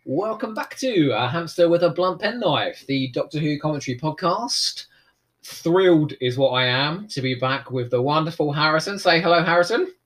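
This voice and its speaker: Lively, laughing man hosting a podcast. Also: fairly high pitch. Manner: playful, quick to laugh, teasing. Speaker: podcast host. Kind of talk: casual commentary chat.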